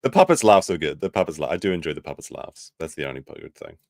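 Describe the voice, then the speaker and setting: Sarcastic man reacting with loud outbursts. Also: very deep voice, big pitch swings, quick pace, creaky, no room sound. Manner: sarcastic, swings from loud outbursts to mumbled asides. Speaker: commentary streamer host. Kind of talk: reacting to a played stream clip.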